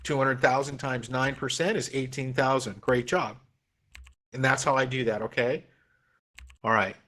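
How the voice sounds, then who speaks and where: A man's voice: medium pitch, fairly even intonation, normal speed, bright, forceful tone. Encouraging man teaching an online class. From Oregon. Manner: coaxing, encouraging, repeats phrases. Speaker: real estate instructor.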